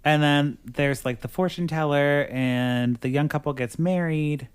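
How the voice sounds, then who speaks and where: Man, podcast host, chatty plot recap, says "like" a lot, smooth clear voice. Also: fairly high pitch, unhurried. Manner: chatty, fills speech with "like". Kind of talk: casual chat recapping a movie.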